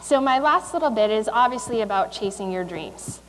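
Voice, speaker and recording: A woman in her thirties addresses a school audience with a motivational talk. Her voice sits a little high, and she speaks conversationally, with fillers and small restarts, over a faint hum of ambience. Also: expressive, normal speed, fairly bright tone, big-room sound, low-quality recording. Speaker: guest speaker, Olympic speed skater. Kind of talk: motivational speech. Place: school assembly.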